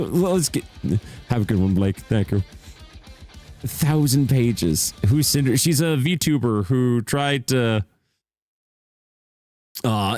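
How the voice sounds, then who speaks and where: A young man hosting a casual livestream chat, animated and jokey, who laughs often and swoops his voice up when greeting viewers. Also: mid-range voice. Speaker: streamer host.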